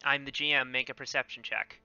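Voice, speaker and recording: Bright, crisp-voiced man running the game. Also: mid-range voice, fairly even intonation, dry recording, lo-fi sound. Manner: halting, full of ums and self-corrections. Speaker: game master. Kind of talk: running a tabletop game over voice chat.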